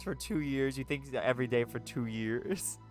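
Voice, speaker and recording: A game streamer reading a story's narration aloud during a live playthrough, excitable and profane, breaking off into laughter and running commentary. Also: mid-range voice, moderate pace, faint music behind.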